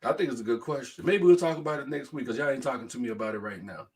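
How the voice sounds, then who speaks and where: A man's voice: medium pitch, very fast. A middle-aged man hosting a casual live-stream talk show, telling stories and reading viewer comments aloud. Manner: animated storytelling, reads viewer comments aloud, laughs hard.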